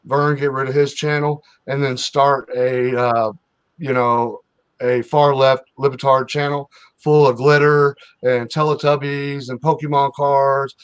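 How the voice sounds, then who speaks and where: A man's voice: mid-range voice, little pitch movement, unhurried, clean tone. A man hosting a casual livestream, joking around with his co-hosts and reading out the chat. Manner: joking, then reads out chat with shout-outs. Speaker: livestream host.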